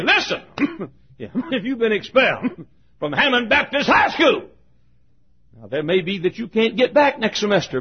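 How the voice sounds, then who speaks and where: An older man preaching a fervent sermon as pastor, swinging from shouted exhortation to low, quiet asides. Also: husky. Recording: dull lo-fi sermon recording.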